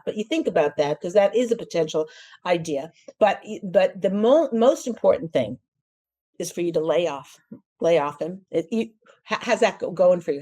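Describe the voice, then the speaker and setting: A woman hosting a talk show, giving casual marriage advice in an animated way, laughing often and acting out quoted voices. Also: medium pitch. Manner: frequent restarts and fillers.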